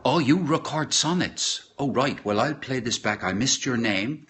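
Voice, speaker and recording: A middle-aged Irish man chatting casually on a live stream from his kitchen, rambling and halting with many fillers and restarts. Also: medium pitch, expressive, a bit bright, a little hiss or hum. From Ireland. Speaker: podcaster. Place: home kitchen.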